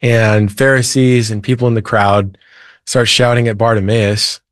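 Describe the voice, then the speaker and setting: A man's voice: on the low side, fairly even intonation, measured pace, dry recording, clean studio sound. A man in his thirties, a Christian author and preacher, retelling a Bible story earnestly as a guest. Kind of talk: earnest faith talk.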